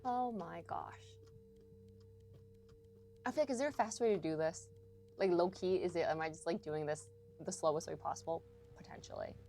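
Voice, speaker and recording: On the low side, creaky and mellow, her voice moves at a moderate pace with frequent pauses, and faint music plays in the background. The young adult woman streams a game, talking casually to chat and cursing a lot as she works through a puzzle.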